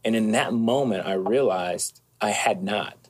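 A man speaking as an interview guest, calm and thoughtful, with occasional soft hesitations. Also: lowish voice, a little slow. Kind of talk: reflective conversation.

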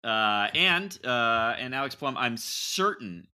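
A man's voice: medium pitch, animated, slow, bright, forceful tone, smooth. A man hosting a casual sports podcast, bantering loosely and laughing through his lines. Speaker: podcast host.

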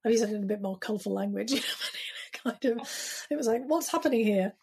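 A British woman in her fifties speaks as an interview guest, her voice slightly breathy and husky. She recalls the past in a reflective, storytelling way, often pausing with casual fillers. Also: medium pitch. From United Kingdom. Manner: reflective, storytelling, frequent "you know" fillers. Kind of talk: conversational interview.

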